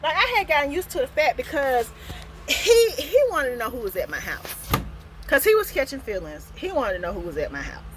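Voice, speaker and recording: A woman vlogger tells a personal storytime in a casual, animated way. Her voice is bright and fairly high, and her pitch swings widely as she laughs her way through it. There is a faint background noise behind her. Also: a little fast. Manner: animated, expressive, laughs often.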